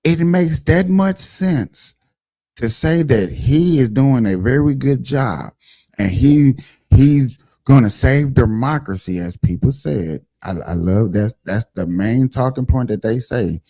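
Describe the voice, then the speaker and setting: A man's voice: mid-range voice, animated, slow, gravelly, warm tone, dry recording, clean studio sound. A man hosting a casual livestream show, talking emphatically and directly to his viewers.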